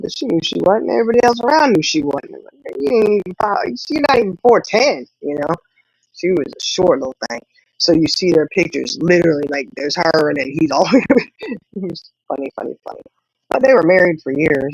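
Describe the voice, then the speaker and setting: Middle-aged woman, livestream host, rambling family chat, gravelly edge, dry and slightly dull sound. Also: sits low, no room sound. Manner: rambling storytelling with laughs. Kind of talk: casual chat with viewers.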